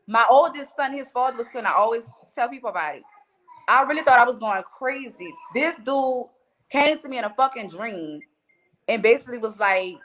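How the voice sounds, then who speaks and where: A woman's voice: a little high, lively intonation, normal speed, a bit bright. Blunt New Orleans woman telling stories. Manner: blunt, profane storytelling. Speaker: podcast guest. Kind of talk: casual chat.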